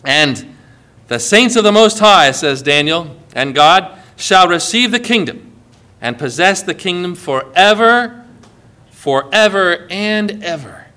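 A man's voice: high voice, expressive, slow pace, pushed and bright. A man pastor preaching a sermon, earnest and building to fervent exhortation.

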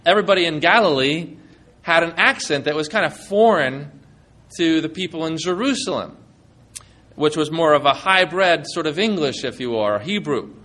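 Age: adult. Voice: a folksy, conversational male preacher, slightly high-pitched. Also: fairly bright tone. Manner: conversational, folksy plain talk. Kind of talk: sermon.

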